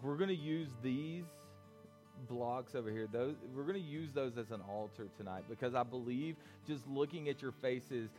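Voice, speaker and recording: A young man preaching a youth sermon, swinging between loud pleading and quiet, low talk. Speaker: youth pastor.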